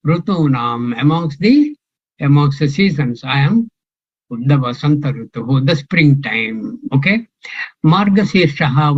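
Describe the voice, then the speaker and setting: A man's voice: a little high, dull audio. An older man teaching a scripture class, talking in a musing way and quizzing his students. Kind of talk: scripture class, question and answer.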